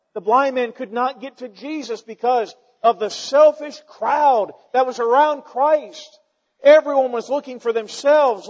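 High-voiced preacher in a reverberant hall. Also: male voice, highs cut off. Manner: storytelling preaching, building from calm to forceful emphasis. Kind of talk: sermon.

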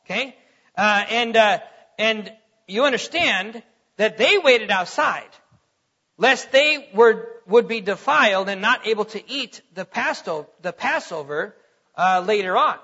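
A man teaches a sermon, his voice high and bright with a husky grain. He talks conversationally and keeps checking that his listeners follow along. The recording is dull and lo-fi. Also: animated, unhurried. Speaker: preacher.

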